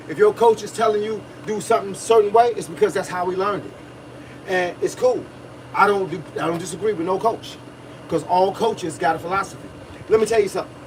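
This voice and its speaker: Man, boxing coach, high voice, preachy and repetitive, livestream, distant mic. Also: a little hiss or hum. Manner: preachy, repetitive, talks to viewers, grunts while punching a bag.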